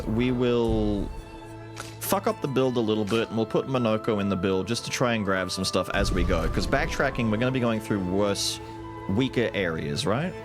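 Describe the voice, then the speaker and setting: A young male streamer talks casually over his gameplay, rambling and cracking jokes. His voice swings widely in pitch as he gets animated. Game music plays clearly in the background. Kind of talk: casual live gameplay commentary.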